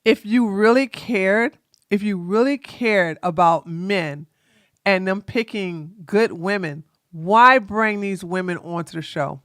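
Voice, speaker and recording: A woman host giving sassy, animated reaction commentary on a livestream, exclaiming and throwing in asides. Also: mid-range voice, slow, no echo, studio quality.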